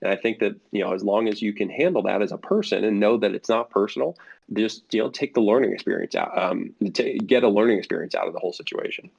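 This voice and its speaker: Gravelly low-voiced man, lo-fi audio. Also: fast talker, darkish tone. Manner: rambling, many fillers and restarts. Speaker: flight sim network representative guest. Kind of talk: casual podcast interview. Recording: dull lo-fi audio.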